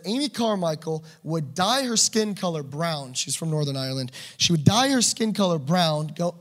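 A man preaching a passionate sermon, swinging between loud urging and quiet asides. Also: fairly high pitch.

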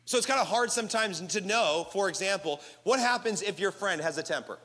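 Bright-voiced young pastor preaching. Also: male voice, sits high, a little fast. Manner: animated, playful asides to the congregation. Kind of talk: sermon. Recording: reverberant hall.

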